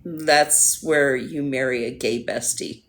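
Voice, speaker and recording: Hoarse woman chatting slowly on a livestream. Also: very deep voice, fairly even intonation. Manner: rambling, chatty, talks to her pet. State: hoarse, voice going. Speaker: livestream host. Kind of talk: casual chat with viewers. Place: at home.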